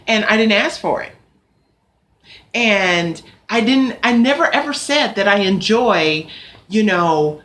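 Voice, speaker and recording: A young adult woman vlogging to camera, ranting in an animated, exasperated way and swearing now and then. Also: medium pitch. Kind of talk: ranting casual vlog.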